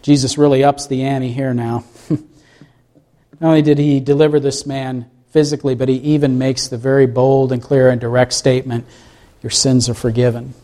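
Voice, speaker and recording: A man's voice: mid-range voice, level tone, moderate pace, dark tone. A male pastor preaching a sermon, full of rhetorical questions and acted-out quotes.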